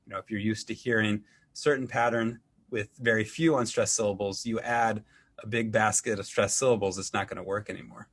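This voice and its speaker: A man, an English professor, giving an academic lecture in a measured way, with frequent ums and restarts. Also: lowish voice, fairly even intonation.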